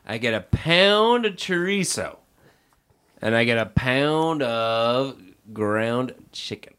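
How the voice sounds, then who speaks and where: A man's voice: medium pitch, lively intonation, slow, fairly bright tone, clear, resonant tone. A man co-hosting a casual podcast chat, joking in a dry way. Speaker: podcast co-host.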